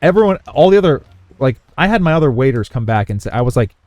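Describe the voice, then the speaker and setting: A man's voice: medium pitch, fast, no room sound. A man telling a story in casual chat as a podcast co-host, acting out the people he quotes. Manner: animated storyteller who acts out quotes.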